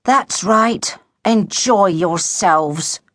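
A woman's voice: a little high, lively intonation, a little fast, fairly bright tone, dry recording, voice pushed up. A woman doing a gloomy, mournful schoolboy. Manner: gloomy, dry, crushing. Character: pale mournful skinny schoolboy, gloomy and crushing.

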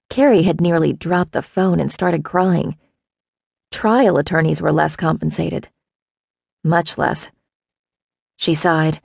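Woman reading an audiobook, low voice with some gravel, dry close sound. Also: darkish tone, no room sound. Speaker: audiobook narrator. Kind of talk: scripted audiobook narration.

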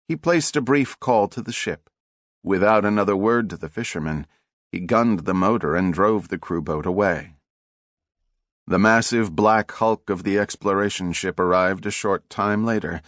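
A man giving measured, dramatic scripted narration for an audiobook on a close studio mic. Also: low-pitched, no room sound.

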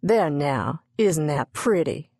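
A woman's voice: sits low, unhurried, a little mellow, dry recording, clean studio sound. Woman doing a bossy old woman cook.

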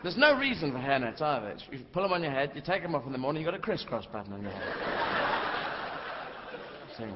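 A middle-aged man performing a rambling stand-up comedy routine on a theatre stage, switching into shouted character voices. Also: medium pitch, fast talker, pauses often. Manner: rambling, animated, puts on shouting old-lady voices. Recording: live hall recording, dull sound, audience noise. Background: audience laughter.

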